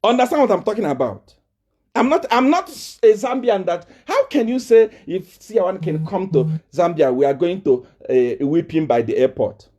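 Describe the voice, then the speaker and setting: A man's voice: sits high, expressive, normal speed, darkish tone. A Nigerian man, a prophet, giving a confrontational live video address full of taunts and repeated rhetorical questions. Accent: Nigerian English.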